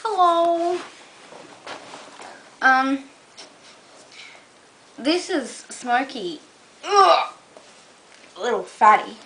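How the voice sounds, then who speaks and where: A woman's voice: mid-range voice, animated, moderate pace, bright, forceful tone, rough recording. A young Australian woman vlogging casually to camera, rambling with lots of "um" and "like". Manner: rambling, full of "um" and "like".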